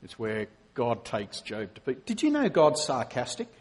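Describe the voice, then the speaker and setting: A middle-aged man, a preacher and professor, giving a conversational sermon with animated storytelling. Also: mid-range voice, moderate pace. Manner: animated storytelling, acting out quotes.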